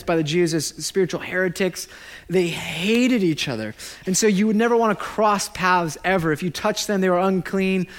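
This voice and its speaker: A man in his thirties, a pastor giving a sermon, joking and animated and laughing at his own lines. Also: high-pitched.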